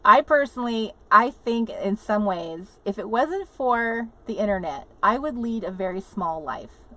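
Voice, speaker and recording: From inside an RV, a chatty woman livestreams, rambling, laughing frequently, and reading viewer comments aloud. Her mid-range voice is animated, bright, and forceful, though she takes her time.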